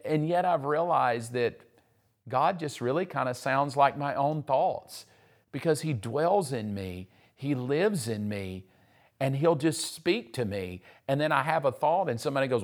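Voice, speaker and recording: A man's voice: medium pitch, expressive, unhurried. A man pastor preaching conversationally, acting out the voices of people he quotes. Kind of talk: sermon.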